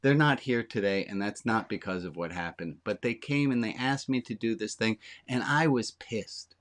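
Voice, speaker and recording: A man's voice: fairly low pitch, moderate pace. A man speaking as a rabbi, giving a frank, plainspoken, conversational sermon to his congregation. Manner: talks directly to a small congregation.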